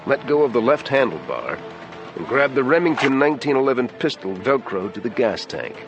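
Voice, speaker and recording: A man reading a thriller audiobook in a taut, dramatic storytelling manner. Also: fairly low pitch. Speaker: audiobook narrator. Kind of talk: scripted thriller narration.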